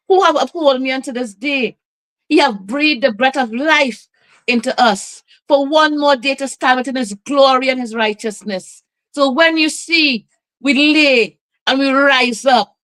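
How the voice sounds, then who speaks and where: A woman hosting a live broadcast and preaching in a slow, rhythmic cadence with drawn-out phrases. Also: sits high, fairly bright tone, low-quality recording. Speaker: radio host.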